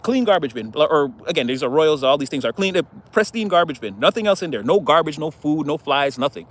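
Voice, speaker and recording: A man's voice: fairly high pitch, lively intonation, fairly quick. Chatty, laughing male tarot reader. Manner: chatty, rambling, laughs often. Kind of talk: casual tarot reading.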